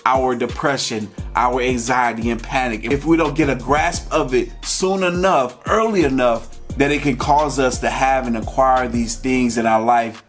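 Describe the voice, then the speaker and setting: A man speaks straight to camera in a candid, heartfelt vlog, telling his own story in a loose, conversational way. His voice sits at an ordinary middle pitch, with faint music playing behind him. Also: normal speed, hardly any pauses. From Georgia, USA. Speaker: vlogger.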